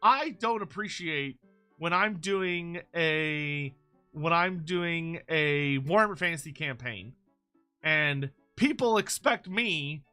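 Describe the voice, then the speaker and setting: A man's voice: high voice, bright, forceful tone. A man hosting a casual meme review, rambling with frequent swearing and mock-outraged rants. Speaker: YouTube host reviewing fan memes.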